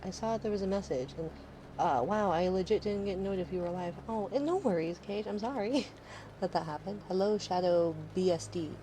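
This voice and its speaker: A woman's voice: medium pitch, brisk, mellow, a little hiss or hum, poor audio. A woman in her thirties chatting casually on a live stream, rambling and sarcastic, swearing freely.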